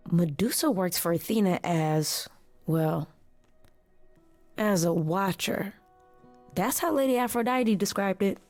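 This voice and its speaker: An actress playing a composed female attendant of a goddess in a video game, speaking in a measured, gracious way. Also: mid-range voice, darkish tone. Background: faint game music.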